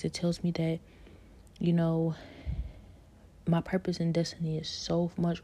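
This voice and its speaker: A woman giving a personal faith testimony in a soft, halting way, often slipping into a whisper. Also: low-pitched, gravelly, breathy edge. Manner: fillers like "like" and "you know".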